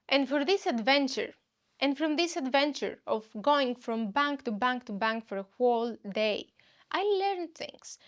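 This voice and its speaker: A woman tells a comic story in a high voice. She hosts her own podcast and talks in an animated way, slipping into the voices of the people she met. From Greece. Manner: animated, acts out dialogues with other people. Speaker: podcast host and comedian. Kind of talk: comedic storytelling monologue.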